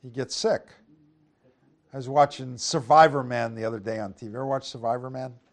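A preacher partway through a Bible teaching reads King James scripture aloud, then explains it in plain terms, speaking at a middle pitch with a steady tone and fairly quick pace. He's conversational, often restarting sentences and checking in with listeners through rhetorical tag questions.

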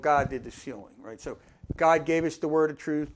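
In a slightly high, fairly quick voice, this preacher keeps his sermon informal and folksy, quizzing the congregation and moving between emphatic statements and soft asides.

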